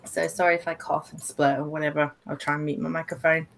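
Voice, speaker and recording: A young woman hosting a casual live stream while semi-sick, her voice hoarse, laughing often as she talks. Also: deep voice, moderate pace, a little mellow. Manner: giggly, laughs often between words. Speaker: streamer host.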